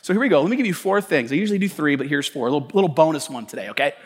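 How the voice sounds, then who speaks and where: A man's voice: fairly high pitch, animated, rapid-fire, slightly rough. A man pastor preaching a conversational sermon, stumbling over restarts and building to emphatic peaks. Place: church sanctuary. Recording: church hall reverb.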